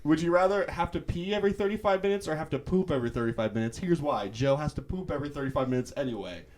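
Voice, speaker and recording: Brief: young male co-host, giggly and animated, pitch swinging widely, casual banter. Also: fast. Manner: giggly, animated, often breaks into laughter. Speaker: podcast co-host. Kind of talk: casual chat.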